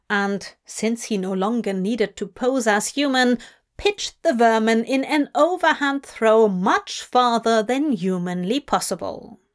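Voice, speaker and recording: A woman reading fanfiction aloud as an audiobook, telling the story slowly and deliberately. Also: on the high side. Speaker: audiobook reader.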